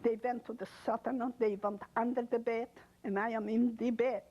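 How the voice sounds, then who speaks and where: An older woman from Poland giving an oral history testimony, speaking in halting, emotional English with broken non-native grammar. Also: on the high side, steady tone, dark tone, highs cut off. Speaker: interviewee.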